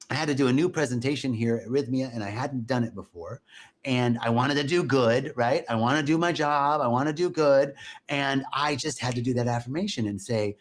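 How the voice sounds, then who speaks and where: A man giving an inspirational spiritual talk, earnestly repeating affirmations aloud and adding folksy, joking asides. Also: medium pitch. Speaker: spiritual teacher.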